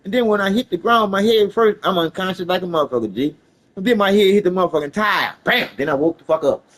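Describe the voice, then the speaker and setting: A man telling a story casually, animated and profane, laughing along the way. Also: high-pitched, fast, low-quality recording.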